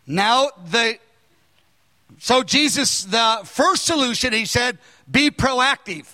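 A man in his sixties preaching a sermon, earnest and emphatic, now and then raising his voice to a shout. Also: very high-pitched, animated, slow, long reverb tail.

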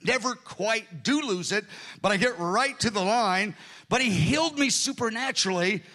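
Bright, high-pitched older man preaching. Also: expressive, normal speed. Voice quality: voice prone to strain. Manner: earnest, conversational preaching with sudden rises in pitch. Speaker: pastor. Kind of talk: sermon.

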